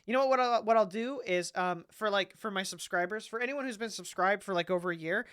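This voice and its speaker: A woman's voice: medium pitch, quick pace, fairly bright tone. A woman streaming a game and chatting casually, rambling and joking with frequent laughter. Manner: rambling, jokey, laughs a lot. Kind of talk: casual gaming livestream chat.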